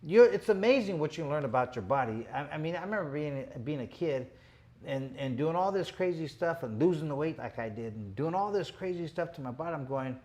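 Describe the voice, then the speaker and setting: A man's voice: on the high side, animated, brisk, a little mellow. A man in his fifties hosting a boxing show, telling stories in a casual, rambling, tough-talking way full of "you know" asides. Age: 50s. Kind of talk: casual storytelling chat.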